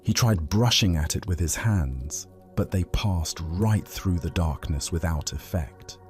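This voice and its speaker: A man narrates a calming Zen story for sleep, his voice sitting very low and deep. He reads slowly and evenly. Soft music plays faintly underneath. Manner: slow, soothing, even storytelling.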